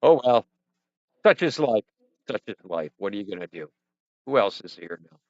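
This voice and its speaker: A lowish, darkish-voiced man hosts a casual livestream from his home studio, very animated and at normal speed, with no echo. He rambles, jokes with chat, mocks himself and mutters to himself while fiddling with settings. A headset or desk mic with headphones gives dull, muffled stream audio.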